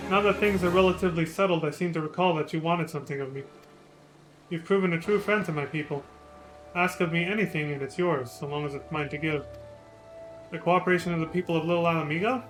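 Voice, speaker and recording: Guy doing a gruff resistance captain from a fantasy game, bossy but loyal, voice sits kinda high, faint game music under it. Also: fairly bright tone, close to an everyday voice, poor audio. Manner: commanding, gruff, scolds with affection. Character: stern, fiercely loyal male resistance captain. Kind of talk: reading game dialogue aloud.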